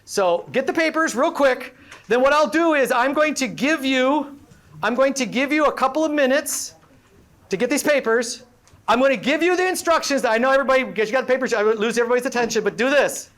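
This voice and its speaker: A woman professor running an interactive workshop for a live audience, energetic and playful as she quizzes the room. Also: sits high, fairly quick. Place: live event before an audience.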